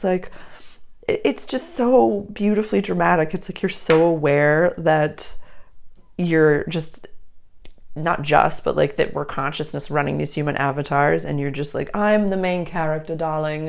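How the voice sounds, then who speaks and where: A woman's voice: fairly low pitch, gravelly, darkish tone. A woman giving a casual, effusive astrology reading, rambling with many restarts. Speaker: astrology reader.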